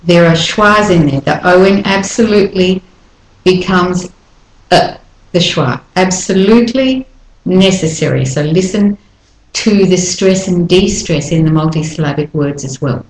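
A woman teaching English pronunciation, modeling each phrase slowly and repeating it to show linking and stress. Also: lowish voice. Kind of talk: slow, deliberate lesson with modeled phrases. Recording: roomy echo.

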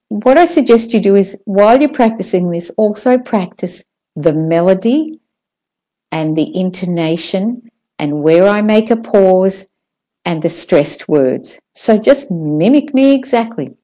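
A woman teaching an audio pronunciation lesson, saying model sentences slowly and clearly for learners to copy. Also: mid-range voice, expressive, mellow.

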